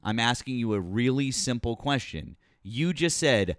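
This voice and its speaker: A man's voice: mid-range voice, expressive, moderate pace, dry recording, studio quality. A man hosting a political call-in stream, arguing with a caller in a condescending, talk-over-him way. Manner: condescending, talks over the caller, calls him kiddo and bud. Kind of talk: combative live-stream debate.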